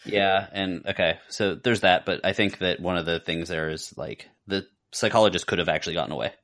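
A man with a very low, deep voice talks through a film in relaxed podcast chat. He rambles, circles back and restarts his sentences, with plenty of filler words. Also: a little fast. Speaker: podcast co-host. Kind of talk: casual movie review chat.

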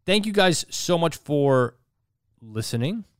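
A man's voice: on the high side, big pitch swings, slow pace, clear, resonant tone, no echo, clean studio sound. A man co-hosting a podcast in casual banter, laughing easily and teasing his friend. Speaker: podcast co-host.

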